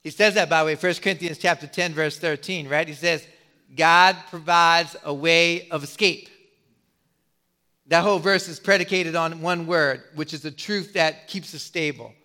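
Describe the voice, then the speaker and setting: A middle-aged man preaching a sermon as a pastor, putting questions to the congregation and pausing for effect. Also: a little high, steady tone, bright, forceful tone.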